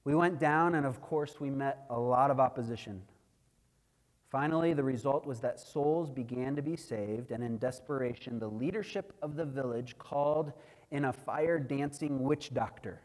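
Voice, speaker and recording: A man preaching as a missionary, telling a dramatic testimony that builds to loud, emphatic peaks. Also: mid-range voice, normal speed. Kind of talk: sermon testimony. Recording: long hall reverb.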